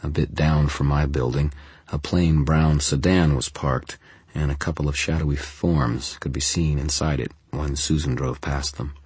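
A man narrates a first-person story in a measured, deadpan way. His voice sits extremely low with a husky, breathy grain. It is recorded close and completely dry. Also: no room sound. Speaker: audiobook narrator.

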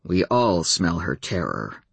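A male werewolf with a quiet, strained delivery, as a woman narrator puts him on. Her voice sinks well below her usual range for him, husky and restrained. It sounds dry and close, as in a storybook audiobook. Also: extremely low pitch, big pitch swings, takes it slowly, no room sound, voice pushed down, heavily acted.

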